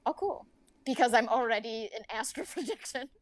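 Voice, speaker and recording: A woman's voice: a little high, lively intonation, moderate pace, dry recording. A young woman playing in a tabletop game, talking casually with lots of "like". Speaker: player.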